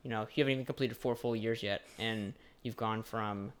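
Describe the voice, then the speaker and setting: A man's voice: on the low side, steady tone, brisk, clear, resonant tone. A young adult man interviewing a fellow student, rambling and searching for words with lots of "like". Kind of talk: casual interview chat.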